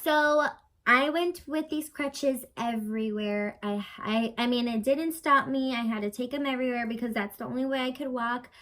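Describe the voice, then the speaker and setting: A young woman vlogger chatting casually as she tells a personal story, full of fillers and lively retold dialogue. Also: on the high side, normal speed, poor audio. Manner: chatty, lots of fillers, animated retelling.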